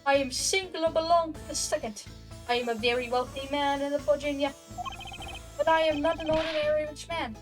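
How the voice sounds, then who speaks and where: A woman's voice: high-pitched, steady tone, brisk, soft background music, pitched above the performer's own voice, close to an everyday voice. A woman voicing a haughty, wealthy male art dealer in a pompous, condescending manner.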